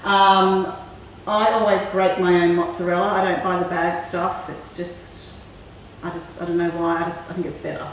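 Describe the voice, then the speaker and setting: A woman hosting a cooking show, chatting in a relaxed way and thinking aloud as she works. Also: on the low side, normal speed. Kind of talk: casual cooking demonstration. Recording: very echoey room, mic far off, faint noise.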